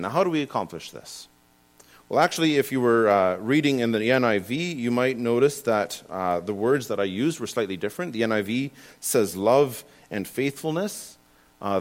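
Earnest young man teaching scripture. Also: mid-range voice. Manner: earnest, self-deprecating, with frequent restarts. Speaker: preacher. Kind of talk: informal Bible teaching.

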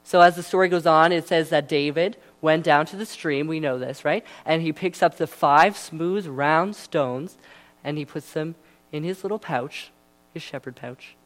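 A man's voice: a little high, normal speed, a bit bright. Chatty young man preaching. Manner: casual and chatty, many fillers. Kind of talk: sermon.

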